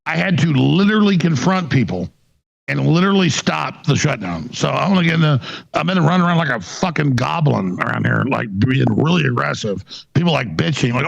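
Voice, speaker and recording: A male host with a heavily gravelly, rough voice rants with raw emotion and lots of swearing. His pitch sits a little high for a man. The audio is dull and lo-fi. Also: animated, a little fast. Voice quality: gravelly, profane, emphatic. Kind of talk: emotional live show ranting.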